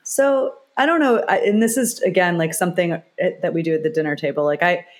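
A woman's voice: on the low side, a little fast. A middle-aged woman, a guest in an interview, talking openly and emotionally in loose, restarting sentences. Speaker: expert guest. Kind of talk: conversational interview.

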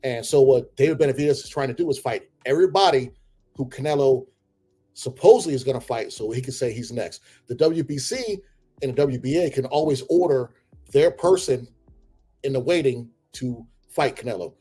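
A man hosting casual sports talk, opinionated and animated, breaking into heated outbursts. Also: mid-range voice, normal speed, slightly rough, soft background music. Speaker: combat sports commentator.

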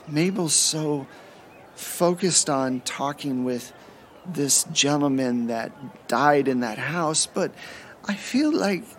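A man's voice: on the high side, a little hiss or hum. Man voicing a sickly timid young widow. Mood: hesitant. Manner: halting, stammering. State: coughing, ill.

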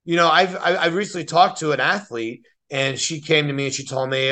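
A man's voice: on the high side, very animated, quick pace, few pauses, pushed and bright. A man in his thirties hosting a podcast, talking in a blunt, opinionated way with frequent swearing. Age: 30s. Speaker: podcast host. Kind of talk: casual podcast conversation.

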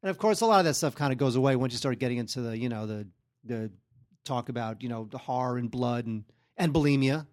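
A man co-hosting a podcast, reviewing films casually with frequent pauses and restarts. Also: mid-range voice, darkish tone. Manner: hesitant, many ums and restarts. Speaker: podcast co-host. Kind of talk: casual film review chat.

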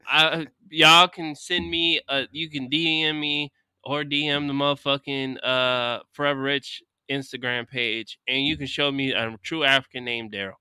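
Male podcast co-host, blunt and emphatic, bright crisp tone, dry mic. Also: mid-range voice, steady tone, normal speed, no room sound. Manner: blunt, profane, emphatic ranting. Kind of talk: casual chat. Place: Houston.

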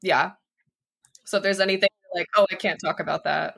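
A woman's voice: fairly low pitch, steady tone, a little fast, creaky, a bit bright. A young woman co-hosting a podcast, blunt and laughing often in casual chat. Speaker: podcast co-host.

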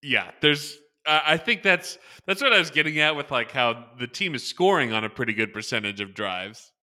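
A man co-hosting a casual sports podcast, thinking aloud in halting, restarting sentences. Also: medium pitch, expressive, pushed and bright. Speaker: podcast co-host.

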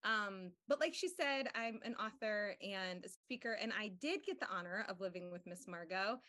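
A woman's voice: mid-range voice, animated, moderate pace, pushed and bright. A young woman, an author and speaker, chatting as a guest on a podcast in a bubbly way. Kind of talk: casual chat.

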